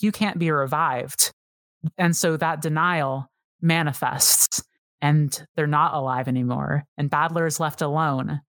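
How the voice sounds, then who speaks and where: A woman's voice: low-pitched, no room sound, studio quality. A woman guest on a podcast, talking casually and eagerly, rambling with many fillers and restarts. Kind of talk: casual chat.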